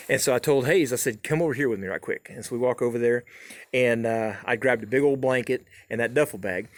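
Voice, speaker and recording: A middle-aged man spins a folksy tall tale in an easygoing drawl, stringing it along with "and so." His voice sits at an ordinary middle pitch. It is recorded close and dry in a small home studio. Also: no room sound. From southern Oklahoma. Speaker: storyteller host.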